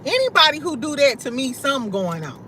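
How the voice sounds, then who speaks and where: A young woman from St. Louis chats live with her viewers in a bright, forceful voice that sits a bit high. She talks loose and slangy, swears freely and breaks into laughter often, with faint traffic in the background. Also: sing-song, quick pace. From St. Louis, USA. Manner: loud, laughs often, slangy and profane, talks straight to chat. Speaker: livestream host. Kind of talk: casual livestream chat with viewers.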